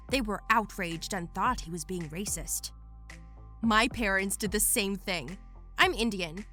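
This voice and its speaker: A woman narrating Reddit posts as a lively scripted storytelling read. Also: on the high side.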